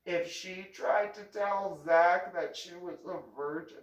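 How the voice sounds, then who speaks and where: A woman's voice: lowish voice, slow, reverberant, recorded from a distance. A woman hosting her own channel, talking in a casual monologue, laughing often and mocking others with put-on quotes.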